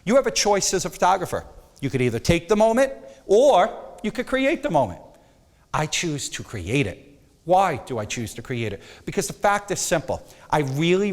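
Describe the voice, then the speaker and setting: Emphatic man teaching in a hall. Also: a little high. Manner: emphatic, animated, drops to soft coaxing when demonstrating. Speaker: photography instructor. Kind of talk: energetic workshop teaching.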